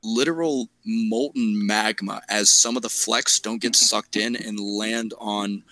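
Bright low-voiced man running a game. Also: fairly even intonation, unhurried, no echo, poor audio. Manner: descriptive, restarts phrases while improvising. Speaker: game master. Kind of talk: narrating a tabletop game.

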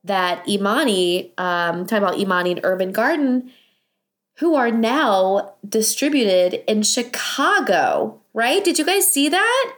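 A woman co-hosting a casual podcast chat, enthusiastic and chatty, her voice raspy and hoarse from a cold. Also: mid-range voice, expressive, a little slow, fairly bright tone, faint music behind. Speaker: podcast co-host.

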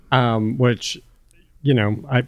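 A man's voice: mid-range voice, steady tone, extremely slow, no echo, muffled recording. A man appearing as a podcast guest, playful and questioning in casual chat.

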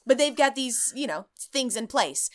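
A woman co-hosting a podcast, telling a story in an animated, joking way. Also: high voice, normal speed. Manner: animated storyteller, jokey, swears. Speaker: podcast co-host. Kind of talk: casual chat.

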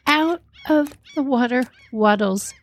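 A woman hosting a podcast, telling a personal story in a lively, chatty way and repeating her words as she goes. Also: sits high, slow. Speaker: podcast host.

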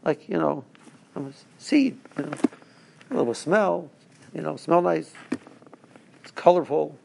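A man's voice: fairly high pitch, a little slow, creaky, background noise. A man voicing a small bewildered talking seed that protests and complains, in a spoken story. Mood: protesting.

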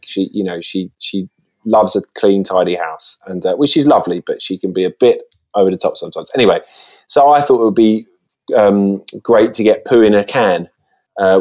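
A man's voice: lowish voice, darkish tone. A man telling casual stories as a podcast guest, rambling through many false starts, recorded on a phone.

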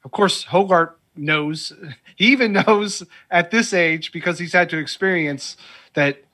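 A man with a fairly high, bright, forward voice muses over films as a podcast co-host. He talks in an earnest, reflective way. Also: a little slow. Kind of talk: casual film discussion.

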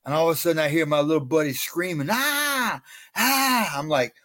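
A middle-aged man telling his life story as a guest in an interview, animated and self-mocking. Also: a little high, very fast, dry recording.

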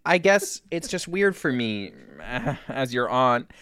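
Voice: medium pitch, big pitch swings, slow, fairly bright tone, clean tone, dry recording, clean studio sound. A performer voicing a spiteful, passive-aggressive older aunt who talks in a sugary drawl with giggles, in comedy improv. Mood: snide sweet. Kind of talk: comedy improv of social media comments.

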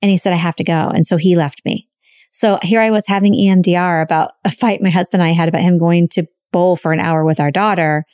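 A woman's voice: fairly low pitch, steady tone, quick pace, a little mellow, dry recording, clean studio sound. A woman co-hosting a podcast, telling a personal story openly and emotionally, swearing casually. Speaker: podcast co-host.

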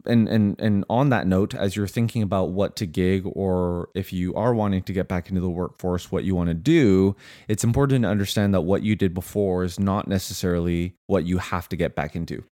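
A man's voice: low-pitched, brisk, dark tone, no room sound, studio quality. A man in his thirties co-hosting a podcast, giving explanatory advice in casual chat and often restarting his sentences. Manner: explanatory, repeats words when starting sentences. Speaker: podcast co-host.

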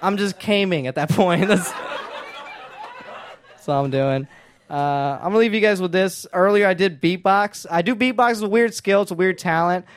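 A man doing a deadpan, self-mocking stand-up set on a club stage with a handheld mic. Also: sits high, normal speed. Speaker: stand-up comedian. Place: comedy club stage before a live audience.

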